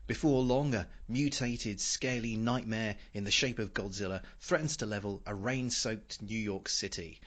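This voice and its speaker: A man hosting a film podcast, moving between casual chat and a read synopsis, with a halting delivery. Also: on the low side. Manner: halting, with many pauses while reading. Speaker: podcast host.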